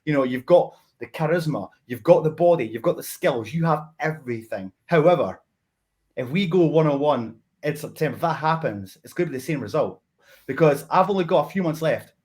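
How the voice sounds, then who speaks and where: A man's voice: fairly high pitch, lively intonation, a little fast, a little mellow. A man, a veteran wrestler near retirement, talking in a friendly, teasing, confident way over a video call. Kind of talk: interview chat.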